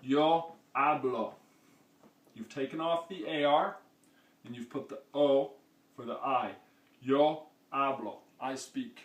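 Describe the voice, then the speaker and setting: A man's voice: mid-range voice, slow. A man teaching a lesson, explaining patiently step by step and often checking in with "okay?". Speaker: Spanish teacher. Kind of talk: classroom-style lesson. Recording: echoey room, mic far off.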